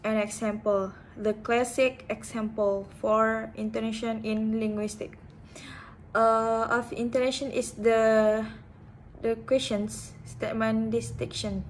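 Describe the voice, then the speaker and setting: A young woman talks through a class presentation, slightly high and very unhurried. She hesitates often and restarts her phrases, and a faint hiss of noise sits under her voice. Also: little pitch movement, rough recording. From Indonesia. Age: young adult. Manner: hesitant, with frequent fillers and restarts. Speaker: student presenter.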